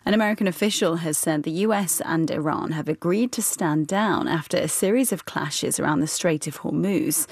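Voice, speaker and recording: A woman newsreader delivering a scripted news bulletin in a measured, formal way. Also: low-pitched, dry recording.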